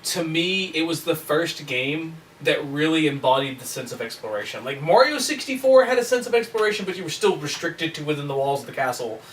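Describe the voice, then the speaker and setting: A high-voiced man with a bouncing, animated delivery talks casually with friends at a table. He is picked up from some distance, and faint noise sits under his voice. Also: brisk, few pauses. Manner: animated, lively storytelling with crude jokes. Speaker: co-host. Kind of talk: casual group chat. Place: room at a table.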